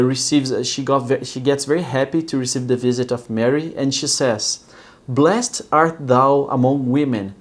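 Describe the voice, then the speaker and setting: A Brazilian-accented man, a native Portuguese speaker, walks learners through Bible stories in simple English. He explains slowly and patiently and keeps checking that the listener follows. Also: a little high, a little mellow. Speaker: English teacher.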